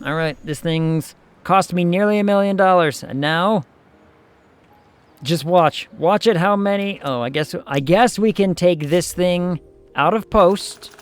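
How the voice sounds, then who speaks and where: A man's voice: high voice, measured pace, clear, resonant tone. Chatty man streaming a game. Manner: chatty, thinks aloud, jokes with chat. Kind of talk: casual game commentary.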